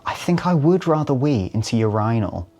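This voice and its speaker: A man with a British accent talking casually to camera, playful, pitching his voice up to mimic how words are said. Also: sing-song, normal speed, a little mellow. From United Kingdom. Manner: playful, swings pitch up when mimicking pronunciations. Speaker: vlogger and actor.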